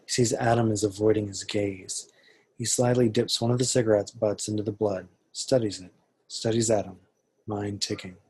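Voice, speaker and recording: A man narrating the stage directions for an amateur table read in a low, husky voice. He reads steadily and matter-of-factly, with very little rise and fall. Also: normal speed. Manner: steady, even, matter-of-fact reading.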